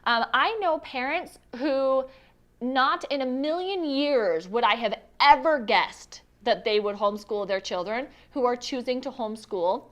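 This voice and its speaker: A woman hosts a casual live stream with a slightly high voice. She chats loosely and giggles often, greeting viewers and running a giveaway in an easygoing way. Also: a little slow. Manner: chatty, giggly, reads viewer comments aloud. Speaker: livestream host.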